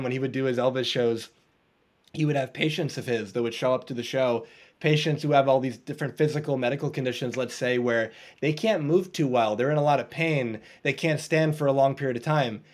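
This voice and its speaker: A man guesting on an interview podcast, telling a story with lively energy and frequent laughs. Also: mid-range voice. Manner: animated storyteller, laughs often, acts out voices. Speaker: guest coach.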